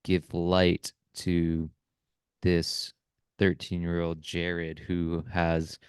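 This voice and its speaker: Man, podcast host, low resonant voice, earnest reflective talk, keeps asking "right?". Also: monotone, extremely slow, smooth, no room sound, studio quality. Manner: earnest, often ends thoughts with "right?". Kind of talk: reflective casual conversation.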